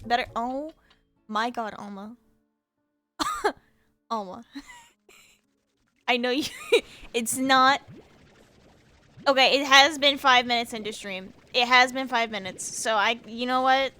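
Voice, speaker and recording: A woman's voice: on the high side, slow, pauses often, sharp tone, soft background music. A young American woman streaming a video game, chatting casually and playfully with her viewers and laughing often. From United States. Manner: chaotic, playful, laughs often, teases chat. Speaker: VTuber streamer.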